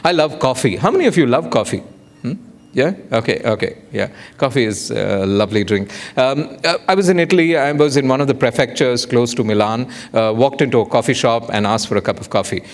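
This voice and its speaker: A man's voice: mid-range voice, lively intonation, fairly quick. A man giving a public lecture, rhetorical and playful, often putting questions to the audience. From India. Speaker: guest lecturer.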